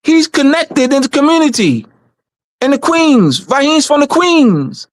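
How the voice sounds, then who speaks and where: A man's voice: very high voice, big pitch swings, a little slow, dry recording. A man speaking on a community livestream in a casual, emphatic way, repeating phrases for stress.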